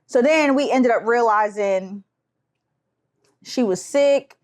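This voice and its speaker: A woman's voice: fairly high pitch, takes it slowly. A young woman co-hosting a casual podcast, telling stories animatedly and acting out voices. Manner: animated storyteller who does voices. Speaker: podcast co-host. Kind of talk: casual chat.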